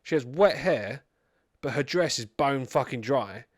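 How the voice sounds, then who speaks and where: A man's voice: medium pitch, animated, measured pace, dry recording, clean studio sound. A man co-hosting a podcast, retelling movie scenes casually with swearing and frequent "right?". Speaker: podcast co-host. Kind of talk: casual chat, movie review.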